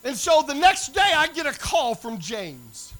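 Middle-aged preacher, animated storyteller, high and bright. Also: male voice, measured pace, poor audio. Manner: animated storyteller acting out dialogue. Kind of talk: sermon storytelling.

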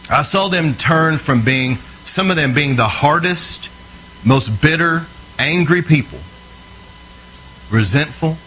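A man preaches in an easy, chatty way, telling stories with earnest emphasis. His voice sits at an ordinary middle pitch. A faint hiss of noise sits under the recording. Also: a bit bright, low-quality recording. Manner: conversational, checks in with the listener often. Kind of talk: storytelling sermon.

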